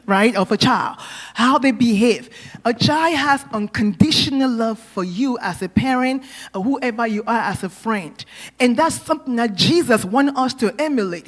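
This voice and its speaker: A middle-aged woman pastor preaching an earnest sermon, telling a story and speaking directly to her congregation. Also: fairly high pitch.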